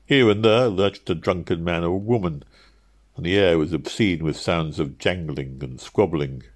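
Deep-voiced man reading an audiobook. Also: moderate pace. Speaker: narrator.

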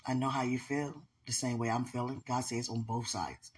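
A woman's voice: a bass voice, fairly even intonation, moderate pace, a little hiss or hum. A woman in an intimate, casual call with her partner, affectionate and laughing often as she talks about faith.

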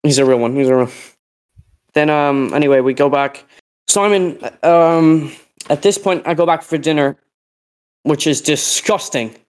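A man's voice: on the high side, normal speed, smooth. A teenage boy co-hosting a podcast, telling a rambling story in casual chat and acting out the people in it. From Northern Ireland. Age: teens. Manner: rambling storytelling, acts out quotes. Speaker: podcast co-host.

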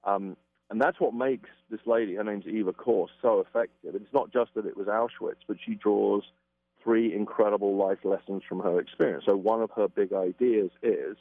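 Man as interview guest, lowish voice, dry tinny phone-line sound, emphatic, acts out examples. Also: steady tone, moderate pace, no echo. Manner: emphatic, acts out quoted reactions. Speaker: communication expert guest. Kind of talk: conversational interview explanation.

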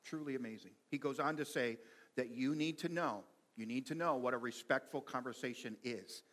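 A man preaching a sermon in a lively, conversational way, reading quotes and making asides to the congregation. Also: medium pitch, normal speed. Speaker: pastor.

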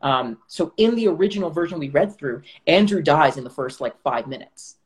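A man's voice: fairly high pitch, lively intonation, moderate pace, low-quality recording. A young man from Canada, an actor, talking reflectively in a casual chat with many fillers and restarts. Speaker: actor guest. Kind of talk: casual video-call chat.

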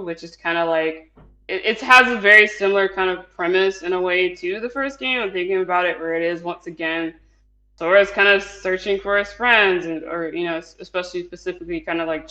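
A man's voice: high voice, steady tone, brisk, sharp tone, highs cut off. A man chatting casually as a podcast co-host, rambling with many fillers and frequent laughs. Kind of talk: casual chat.

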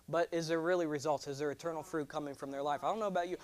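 Young guy preaching, fairly high voice, lively and jokey, calls out to the church. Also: fast talker. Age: 20s. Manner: animated, joking, call-and-response with congregation. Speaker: pastor. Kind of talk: sermon.

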